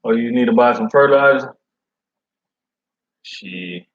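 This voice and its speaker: Casual male delivery driver, slangy storyteller, mid pitch, muffled lo-fi recording. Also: little pitch movement, measured pace. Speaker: food service delivery driver. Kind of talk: casual chat.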